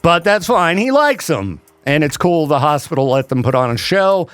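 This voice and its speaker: A man hosting a casual radio show, chatty and quick to laugh, with a sore back. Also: fairly high pitch, very animated, fairly bright tone, smooth. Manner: chatty, laughs often, slips into mock voices. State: sore back after vomiting. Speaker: radio host.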